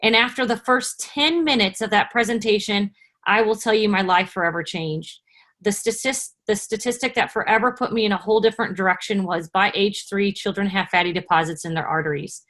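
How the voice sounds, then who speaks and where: A woman's voice: medium pitch, brisk, fairly bright tone. A woman in her forties telling her personal story on a video call, in an earnest, conversational way. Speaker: guest speaker.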